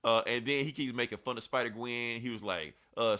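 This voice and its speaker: A man's voice: medium pitch, steady tone, fairly quick, sharp tone. A man hosting a podcast, recapping a comic book in a loose, profane, chatty way. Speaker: podcast host. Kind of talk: casual comic book review chat.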